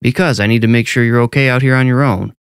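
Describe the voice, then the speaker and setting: A man's voice: mid-range voice, fairly even intonation, fast talker, no echo, studio quality, voice pushed up, lightly acted. A man voicing a wry, easygoing male night-shift cop with a friendly but firm manner. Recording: narration over clear background music.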